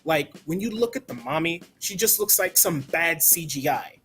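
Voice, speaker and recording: A man reviews a movie in a blunt, loose rant, filling his sentences with "like" and the odd curse. His voice sits a bit high for a man. Soft music plays faintly behind him. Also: animated, normal speed. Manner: blunt, ranting, peppered with "like" and swearing. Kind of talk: casual spoken review.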